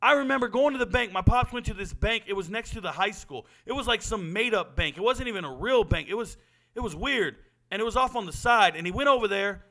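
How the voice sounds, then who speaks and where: A man's voice: high voice, lively intonation, a little fast, pushed and bright. A man, giving a blunt, profane monologue as a sports talk host. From Southern California. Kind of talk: impassioned monologue.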